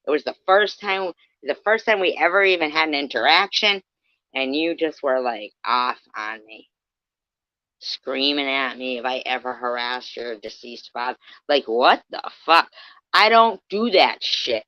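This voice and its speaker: Woman livestreamer, very low and slow, cursing and ranting between yells and mutters; dry, dull lo-fi sound. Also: animated, no echo. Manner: profane, swings from yelling to low muttering. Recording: dull lo-fi stream audio.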